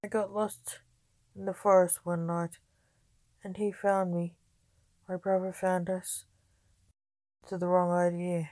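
A woman's voice: lowish voice, level tone, takes it slowly, pauses often, mellow, dry recording. Resentful young bride, read by a woman. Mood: bitter. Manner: bitter.

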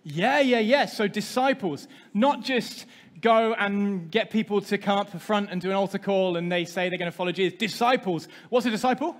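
Pastor guy preaching to the room, highish voice, keeps asking the crowd stuff, big hall echo. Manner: interactive, asks the congregation questions. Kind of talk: sermon. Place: church hall. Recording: long hall reverb.

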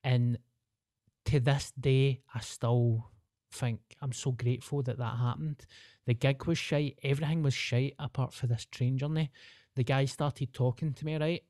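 A young Glaswegian man from Scotland co-hosts a podcast, telling a story in casual chat while swearing freely and laughing through it. His mid-range voice is steady, a little slow and slightly mellow, recorded dry at studio quality.

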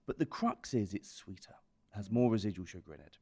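A man explaining wine in a relaxed, descriptive way during a casual podcast chat. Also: fairly low pitch, fairly quick, husky. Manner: expansive, descriptive about wine. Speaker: wine expert guest.

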